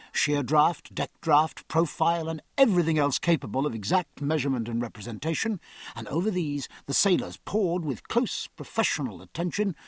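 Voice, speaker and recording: A male audiobook narrator with a measured, literary delivery. His voice is gravelly and husky, and it moves freely in pitch. The recording is close and dry. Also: a bit bright, dry recording. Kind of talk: scripted narration.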